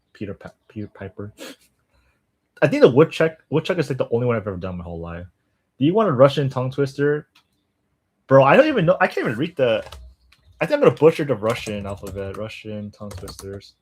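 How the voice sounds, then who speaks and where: Young adult male streamer, mid-pitched, casual, laughs and trips over tongue twisters. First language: English. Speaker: language-learning streamer. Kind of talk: casual live-stream chat.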